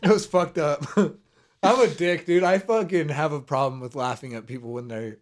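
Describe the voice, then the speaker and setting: A man's voice: fairly high pitch, moderate pace. A man hosting a casual podcast, telling a story with lots of laughter and swearing. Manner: laughs often, swears, animated retelling. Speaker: podcast host. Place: home studio room.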